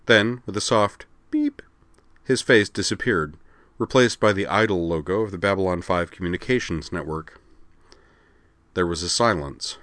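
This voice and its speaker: Deep guy reading a story out loud, steady pace, dry close sound. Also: normal speed, no echo. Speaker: story reader. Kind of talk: audiobook narration.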